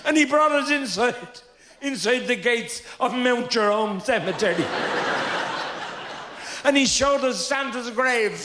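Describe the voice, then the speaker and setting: A man with a Dublin accent doing live stand-up comedy, telling broad, animated stories with pauses for punchlines. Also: extremely high pitch, reverberant, background noise.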